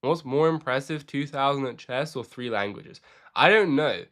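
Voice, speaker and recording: Young man, chess streamer, casual, joking, answering chat, desk mic, mid pitch. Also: moderate pace, fairly bright tone. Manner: joking, answers chat questions while playing. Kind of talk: casual live-stream chat while playing.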